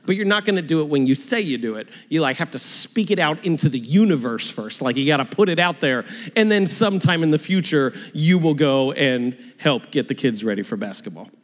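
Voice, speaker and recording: A man's voice: fairly high pitch, animated, a little fast, hardly any pauses, long reverb tail. A male pastor preaching in a conversational, self-deprecating way, acting out little dialogues. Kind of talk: sermon.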